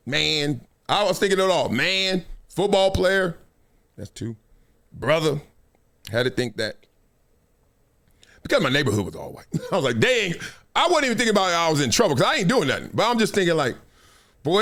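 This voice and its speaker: A man's voice: on the high side, normal speed, long pauses. A man hosting a show, telling a story in a casual, slangy way, with repeated phrases and voices for the people he quotes. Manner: animated, acts out quotes in voices. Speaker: show host.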